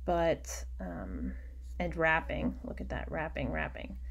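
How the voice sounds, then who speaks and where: A woman teacher giving a recorded online lecture, explaining patiently and often dropping into quiet muttering as she works. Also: low-pitched, big pitch swings, slow pace, slight background noise.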